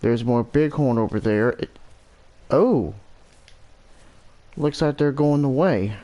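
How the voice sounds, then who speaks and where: Male gamer, mid pitch, casual play-by-play, mutters his thoughts aloud. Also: takes it slowly, warm tone. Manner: thinking aloud, muttering to himself. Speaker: gameplay commentator. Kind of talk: casual gameplay commentary.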